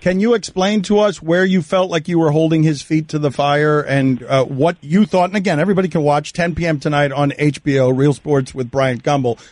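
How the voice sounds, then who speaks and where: A man hosting a radio show, reading promos and arguing his points forcefully with a guest. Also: fairly high pitch, fairly quick, hardly any pauses, dry recording. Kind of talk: radio talk and interviewing. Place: radio studio.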